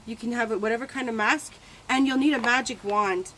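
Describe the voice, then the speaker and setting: A woman's voice: a little high, brisk, pushed and bright, slight background noise. Chatty woman coaching viewers. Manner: chatty, playful, encouraging. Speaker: self-help vlogger. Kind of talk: casual coaching talk.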